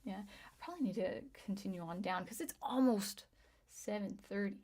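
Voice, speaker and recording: A woman in her thirties chatting casually on a livestream as she reads viewer comments, talking in a halting way with frequent restarts. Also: mid-range voice, darkish tone. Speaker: livestream host, music teacher and composer.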